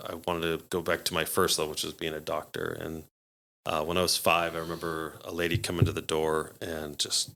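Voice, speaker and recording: Man, very low voice, gravelly, casual storytelling, animated quotes. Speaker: podcast guest.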